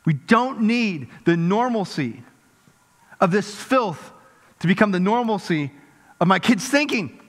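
A middle-aged male pastor preaching a sermon, swinging from lively emphasis to hushed intensity. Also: high voice, measured pace. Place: large church hall. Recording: reverberant church hall.

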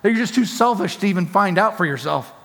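A man preaches a sermon in a high, lifted voice, pressing his points with emphatic repetition. His voice rings with the long reverb of a big hall. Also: animated, fast talker, a bit bright. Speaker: pastor.

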